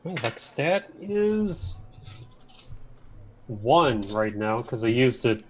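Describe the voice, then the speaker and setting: A man's voice: medium pitch, sing-song, very slow, slight background noise. A man playing a tabletop game, describing his character's actions in a casual way. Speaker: player.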